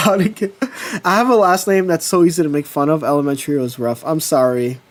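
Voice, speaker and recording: A man chatting casually with his livestream viewers, telling personal stories with lively swearing. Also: high voice, brisk. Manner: animated storytelling, swears casually. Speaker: streamer.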